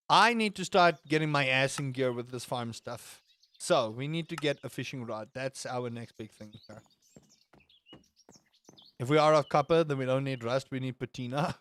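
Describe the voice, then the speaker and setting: A man's voice: medium pitch, a bit bright. A man streaming a game, rambling and joking at his own expense while he reads and answers his chat. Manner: rambling, self-mocking, reading chat aloud. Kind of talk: casual live-stream chat.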